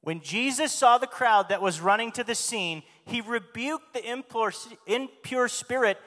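High-voiced man preaching in a reverberant hall. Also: a little slow, fairly bright tone. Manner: emphatic, asks the congregation questions. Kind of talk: sermon.

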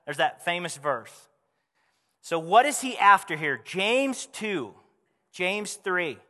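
A man preaching a sermon as a pastor, conversational and animated, asking the congregation rhetorical questions. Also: high-pitched, takes it slowly, in a large hall.

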